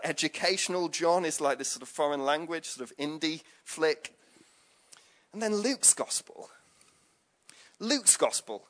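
Brief: preacher, fairly high male voice, casual, joking sermon delivery. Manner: chatty, jokey, with frequent asides and fillers. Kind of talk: conversational sermon.

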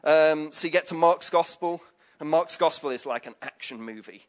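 Chatty man, higher voice. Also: moderate pace, clear, resonant tone. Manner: chatty, jokey, with frequent asides and fillers. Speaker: preacher. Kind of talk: conversational sermon.

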